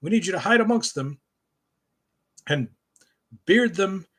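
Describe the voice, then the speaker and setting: A man's voice: high voice, animated, unhurried, voice pushed up. A man voicing a blustery, middle-aged male space commander giving a pompous briefing. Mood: commanding.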